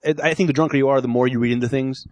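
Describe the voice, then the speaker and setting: A man's voice: medium pitch, very fast, no room sound. A man co-hosting a podcast in casual chat, acting out little scenes in his stories and laughing often. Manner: animated, acts out quoted exchanges, laughs often. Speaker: podcast co-host.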